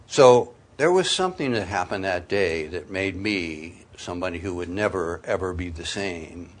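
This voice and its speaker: Lower-voiced man preaching a heartfelt sermon. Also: lively intonation, normal speed, few pauses, a little hiss or hum. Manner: swings from quiet, intimate asides to loud emphatic peaks; folksy, sprinkles in "you know" and "man". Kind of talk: sermon with personal testimony.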